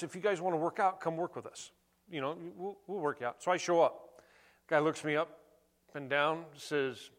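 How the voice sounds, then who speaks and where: Animated middle-aged preacher, slightly high voice. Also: male voice. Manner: storytelling, animated and conversational. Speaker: pastor. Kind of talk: sermon.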